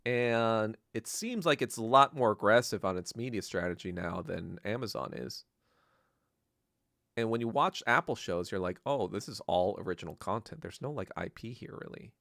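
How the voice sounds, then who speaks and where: A man hosting a podcast in a casual, profane rant that swings between low muttering and loud outbursts. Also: lively intonation, normal speed, vocal fry, no room sound, studio quality. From Korea. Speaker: podcast host. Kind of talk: casual ranting monologue.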